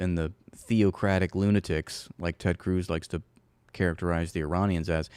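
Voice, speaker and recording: A man's voice: low-pitched, a little mellow, smooth, no room sound, studio quality. A man hosting a casual political commentary show, talking in a sarcastic, mocking way and sometimes laughing at his own jokes.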